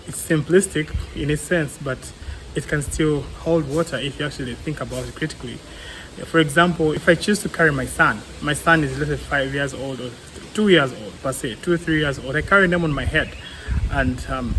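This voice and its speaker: A young man with a Ugandan English accent talks through his argument in a fairly high voice, earnest and full of fillers. Faint background noise runs under the recording. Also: brisk, fairly bright tone, rough recording. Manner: earnest, argues with everyday examples, many fillers. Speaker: co-host, clinical psychologist. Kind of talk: casual podcast discussion.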